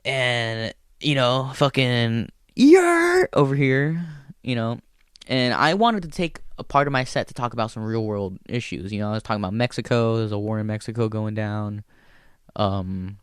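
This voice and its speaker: A male comedian tells a story in a loose, rambling style, swearing freely as he goes. His voice sits at an ordinary middle pitch. The sound is dry and close, with no room around it. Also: smooth, dry recording. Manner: profane, rambling, animated storyteller. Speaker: stand-up comedian and show host. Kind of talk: casual storytelling chat.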